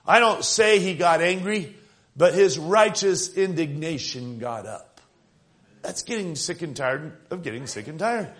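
An older man preaches a revival sermon in a high-pitched voice. He builds to fervent peaks and slips into acted quotes of the people in his story. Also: expressive, a little slow, a bit bright.

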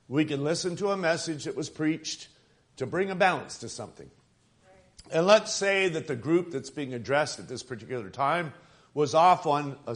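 A male minister preaching an earnest sermon, asking the congregation questions. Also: medium pitch.

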